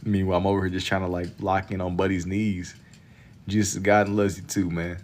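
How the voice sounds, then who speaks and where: A young man with a very low voice talks loosely to his chat while he draws, slangy and relaxed. He streams from a home setup with casual banter. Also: fairly quick. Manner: laid-back slangy banter with chat, frequent laughs. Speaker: livestream artist.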